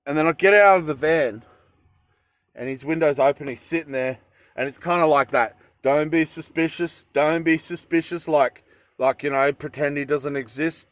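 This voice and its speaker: A man's voice: on the high side, normal speed, fairly bright tone, dry recording. An Australian man telling a story in a casual vlog, rambling with fillers and self-corrections. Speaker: vlogger.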